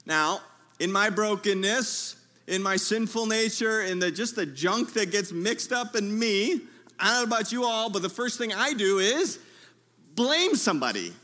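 A man preaching a sermon in a tent, telling a humorous story in a lively way and calling out to his listeners. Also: sits high, a little slow. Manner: lively, humorous storytelling with audience call-outs. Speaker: pastor.

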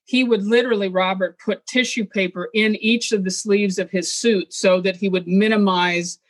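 A woman guest in an interview, talking in an animated, opinionated way with quick asides. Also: medium pitch, dry recording. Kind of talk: casual interview chat.

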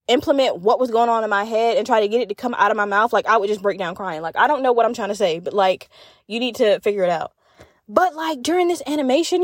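A woman's voice: on the high side, no room sound, studio quality. A young woman hosting a podcast in casual chat, candid and profane, telling stories with lots of fillers. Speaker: podcast host.

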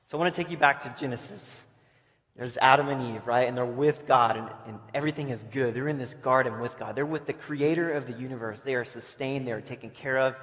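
A man's voice: medium pitch, a little fast, a bit bright. A man giving a casual sermon to a camp audience, telling stories and restarting his sentences often. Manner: conversational, restarts often, acts out quoted voices. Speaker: camp speaker. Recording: long hall reverb.

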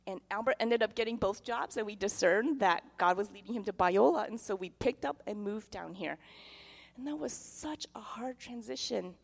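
A middle-aged woman pastor giving a testimony sermon, telling her story in an animated way and acting out the voices in it. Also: mid-range voice, normal speed, vocal fry. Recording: long hall reverb.

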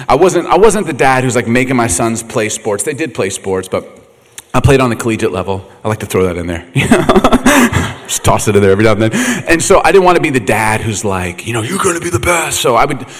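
A middle-aged man preaching a sermon, telling funny family stories with lots of laughter and acted-out voices. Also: mid-range voice. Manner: animated, laughing, acts out quotes. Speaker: pastor. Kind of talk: humorous sermon storytelling. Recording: echoey hall reverb.

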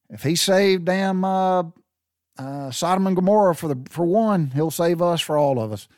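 A man's voice: high voice, normal speed, a little mellow, clean tone, dry recording, clean studio sound. An older man, hosting a casual solo podcast in a rambling, profane, folksy way. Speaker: podcast host.

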